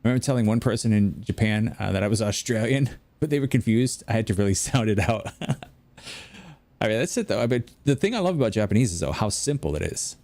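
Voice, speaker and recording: Playing a video game, an American man chats casually in a fairly low, slightly mellow voice, animated and quick. His talk is rambling and anecdotal, full of self-interruptions and restarted sentences, on a dry recording.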